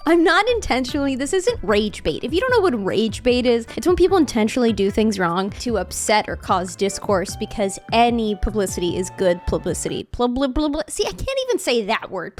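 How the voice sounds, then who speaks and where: A young woman streamer chats in a casual, playful vlog style. Her voice sits high and bounces wildly up and down, climbing even higher whenever she gets worked up, with faint music playing underneath. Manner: animated, jokey, voice shifts up when excited. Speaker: streamer and content creator.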